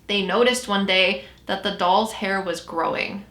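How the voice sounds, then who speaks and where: A woman's voice: mid-range voice, steady tone, a little slow, a bit bright, reverberant. A woman hosting a podcast, casually telling a story and often correcting herself as she goes. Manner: chatty, self-correcting storyteller. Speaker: podcast host.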